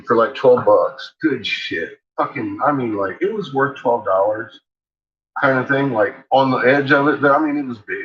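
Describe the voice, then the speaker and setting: Rambling, cursing man on a lo-fi recording. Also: medium pitch. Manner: profane, rambling complaints. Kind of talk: casual chat. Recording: dull, noisy home recording.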